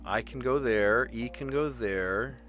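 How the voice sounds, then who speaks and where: A man's voice: medium pitch, slow, fairly bright tone, faint music behind. A middle-aged man, a teacher, chatting casually as he solves word puzzles aloud, muttering letters and laughing at himself.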